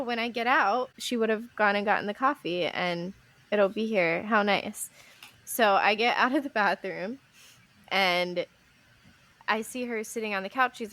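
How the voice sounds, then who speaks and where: A young woman co-hosting a podcast, telling stories in a casual chat, acting out quotes with a laugh. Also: medium pitch. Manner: animated storytelling, acting out quotes, laughs often. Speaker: podcast co-host.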